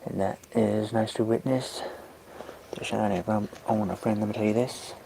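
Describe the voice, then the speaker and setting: A man's voice: fairly low pitch, fairly even intonation, normal speed, vocal fry, a crowd in the background. A man in his thirties chatting casually with viewers on a live stream. He rambles in a playful way and drifts into silly made-up songs. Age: 30s.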